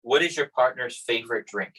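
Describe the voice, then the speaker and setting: A man's voice: medium pitch, a little fast, slight background noise, low-quality recording. A man hosting a podcast, chatting casually and acting out quoted exchanges as he tells stories. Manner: animated storyteller, acts out quotes. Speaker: podcast host. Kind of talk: casual chat.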